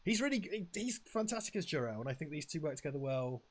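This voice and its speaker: A man chatting casually through a film watch-along, animated and sweary, slipping into mock voices. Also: fairly high pitch, quick pace. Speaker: podcast co-host. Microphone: lavalier.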